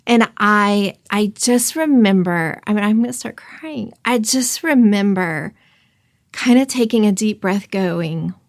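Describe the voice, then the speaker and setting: A woman's voice: mid-range voice, measured pace, no echo, clean studio sound. Chatty woman telling a heartfelt story. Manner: emotional, chatty, full of fillers and quoted dialogue. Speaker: podcast host sharing her story. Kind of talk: casual storytelling.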